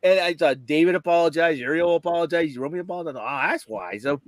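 A man chatting casually on a podcast, telling a story in an animated way and laughing often. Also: a little high, quick pace, no echo. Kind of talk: casual chat.

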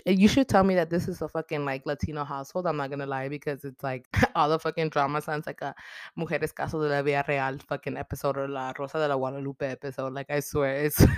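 A woman's voice: low voice, no echo. A young woman giving a casual, profanity-heavy movie recap, acting out the characters' lines. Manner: animated, heavy swearing, acts out characters' lines. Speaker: podcast host recapping a movie.

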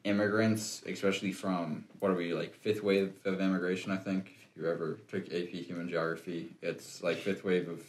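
Deep-voiced young guy, podcast guest, hedgy and jokey, echoey room. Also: flat delivery, brisk, few pauses. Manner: thoughtful, hedging, jokey asides. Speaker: interview guest. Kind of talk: casual podcast interview.

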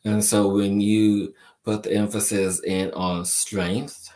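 Slow, very low-voiced spiritual host. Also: male voice, flat delivery, darkish tone. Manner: slow, deliberate, repeats phrases for emphasis; affectionate, addresses listeners as my dear and my friend. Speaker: spiritual show host answering viewers. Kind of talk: live-stream chat reading viewer questions.

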